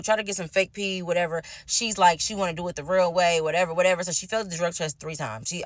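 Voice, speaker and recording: A woman's voice: fairly low pitch, fairly bright tone, no echo. A woman telling a personal story in a casual, profane rant, addressing her viewers. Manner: fast, heavily profane venting. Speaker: storytime vlogger.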